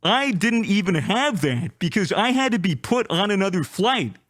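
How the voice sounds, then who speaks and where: A man telling a travel story in casual chat, animated and swearing, acting out the people he met. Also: sits high, normal speed, no room sound, clean studio sound.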